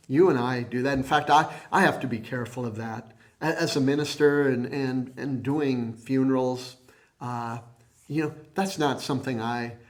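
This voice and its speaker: A man, a minister, preaching a sermon in a slow, halting way with many restarts, dropping his voice soft when he quotes. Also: medium pitch.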